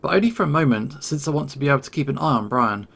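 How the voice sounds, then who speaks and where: Male narrator, first-person story, tense and measured, mid-pitched, gravelly. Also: lively intonation, fairly bright tone.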